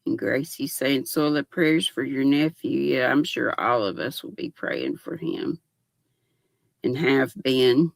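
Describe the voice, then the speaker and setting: Older lady chatting on her livestream, slow easygoing talk, gravelly voice, dry close sound. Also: extremely low pitch, animated, no echo. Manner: chatty, greets viewers by name. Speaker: livestream host. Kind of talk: casual livestream chat.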